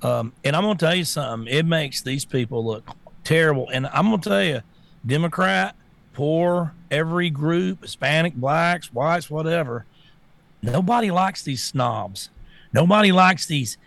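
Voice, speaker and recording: A man's voice: a little high, animated, normal speed, vocal fry, a bit bright. A man co-hosting a casual political talk show, blunt and sarcastic and swearing freely.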